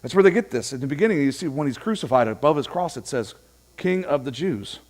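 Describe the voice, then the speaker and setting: A man's voice: fairly high pitch, animated, fast, a little mellow. A man preaching a casual, conversational sermon in a church, telling funny stories and acting out both sides of the dialogue. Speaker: pastor.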